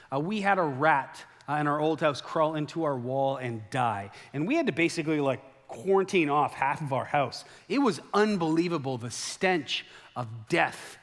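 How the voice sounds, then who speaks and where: A man preaching a sermon as a pastor, telling the story in a lively way and acting out the quoted lines. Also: a little high, normal speed. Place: church sanctuary. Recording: long hall reverb.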